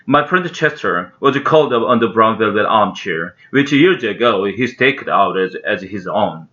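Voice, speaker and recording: A man's voice: fairly low pitch, expressive, moderate pace, bright, forceful tone, lo-fi sound. A man with a Korean accent reading a children's storybook aloud, careful, with small slips and restarts. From South Korea. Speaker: English learner reading aloud.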